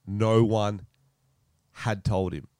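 A man's voice: lowish voice, fairly even intonation, very slow, warm tone, smooth, dry recording, studio quality. A young Australian man, a comedian co-hosting a podcast, chatting in a joking, rambling way. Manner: joking, rambling, does voices. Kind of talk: casual chat.

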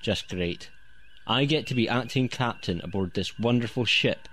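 A man's voice: medium pitch, normal speed, fairly bright tone, close to an everyday voice. A man voicing a sarcastic male helmsman stuck in charge and grumbling about it.

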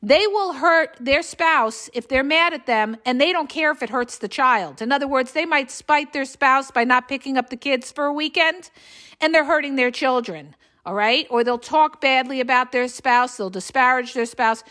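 A middle-aged relationship coach hosting a podcast speaks at normal speed in a high-sitting voice with a sharp tone. Her casual monologue is blunt and emphatic, punctuated by frequent check-ins of "okay?"

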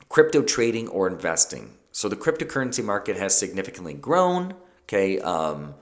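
Male podcast host with a lowish voice, loose and chatty, many fillers and restarts. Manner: conversational, with frequent fillers and self-corrections. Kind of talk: casual solo podcast talk.

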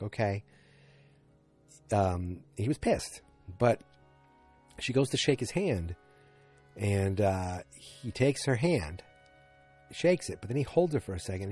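A man hosts a casual recap show, retelling scenes in a loose, rambling way full of fillers. His voice sits a bit low and sounds mellow and slightly husky. Faint music plays quietly behind him. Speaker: podcast host recapping a TV episode.

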